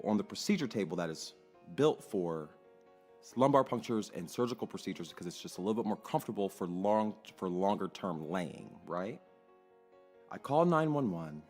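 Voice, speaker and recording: A young adult man telling a personal story in a casual, animated way, acting out quoted voices and swearing freely. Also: lowish voice.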